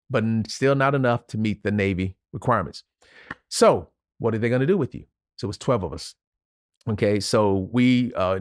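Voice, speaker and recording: A retired Navy officer from Louisiana, appearing as a podcast guest, tells a personal story earnestly and emotionally, retelling it vividly with pauses. His voice is mid-range, and the studio-quality recording has no room sound.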